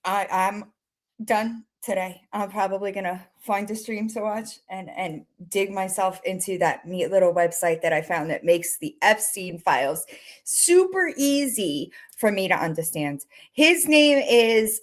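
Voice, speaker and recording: A woman streaming and chatting casually, swearing freely and cooing to her cats in a high baby voice. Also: poor audio. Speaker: streamer reacting to videos. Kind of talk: casual chat.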